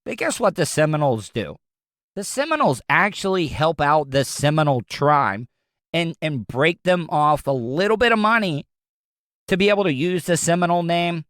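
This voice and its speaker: Man, Southern American accent, blunt, rambling, fairly high voice, dry sound. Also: expressive, normal speed, a bit bright, no room sound. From Southern United States. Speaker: podcast host. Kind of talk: casual opinion talk.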